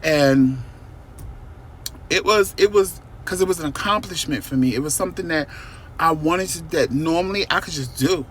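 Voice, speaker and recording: Sitting in a parked car, a male vlogger tells his viewers a personal story in a casual, emphatic vlog, animated and addressing them directly. His voice is fairly high at normal speed, with a little hiss or hum.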